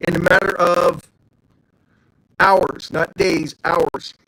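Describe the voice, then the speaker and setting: A man's voice: high-pitched, flat delivery, slow pace, bright, forceful tone, dry recording, low-quality recording. A man hosting a casual livestream, chatting loosely and greeting viewers by name. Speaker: livestream host.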